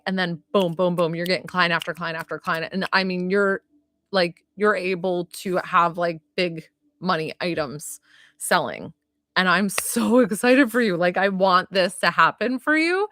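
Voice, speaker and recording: A woman's voice: mid-range voice, a bit bright, dry recording, studio quality. A woman giving live-stream psychic readings, chatty and giggly, full of likes and ums. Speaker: psychic reader.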